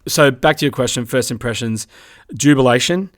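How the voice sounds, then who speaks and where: A man with an Australian accent co-hosting a casual sports podcast, animated and acting out the umpires' lines. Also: mid-range voice, normal speed, no room sound, studio quality. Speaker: podcast co-host.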